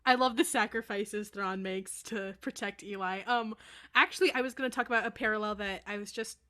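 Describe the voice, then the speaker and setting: A woman's voice: medium pitch, steady tone, a little fast, bright, forceful tone. A woman co-hosting a casual podcast, rambling and blunt, with some swearing. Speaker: podcast co-host.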